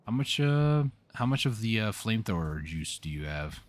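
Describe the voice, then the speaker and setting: A man's voice: on the low side, very animated, moderate pace. A man hosting a co-op gameplay session, chatting casually in a laid-back, teasing way. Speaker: let's play host.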